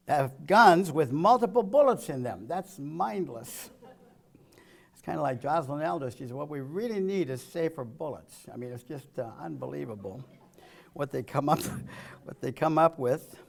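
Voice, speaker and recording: A man giving a political speech full of jokes and one-liners, chuckling at his own punchlines and swinging between loud quips and low, muttered asides. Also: lively intonation, moderate pace, gravelly. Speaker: political speaker. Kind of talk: joke-filled political speech.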